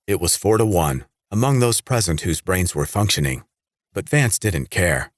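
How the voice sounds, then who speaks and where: A man reading a horror audiobook in steady scripted narration. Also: deep voice, moderate pace, no echo, clean studio sound.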